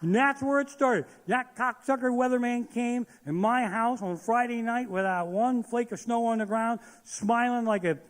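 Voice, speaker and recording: Swearing constantly, a male stand-up comedian rants crudely before a live theater audience in a very high-pitched voice, keeping a moderate pace with few pauses. The recording has long hall reverb.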